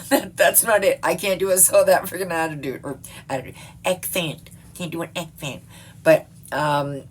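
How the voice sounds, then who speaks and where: A woman's voice: sits low, slight background noise. A middle-aged woman talking to her viewers in a rambling late-night monologue, swearing and laughing often. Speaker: vlogger.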